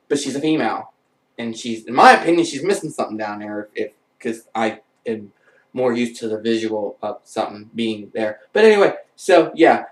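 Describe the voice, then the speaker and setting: A man telling a comic anecdote in an animated way, breaking into squealing voices. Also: a little high, far from the mic. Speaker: vlogger. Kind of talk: comedic storytelling. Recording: echoey room, voice off-mic.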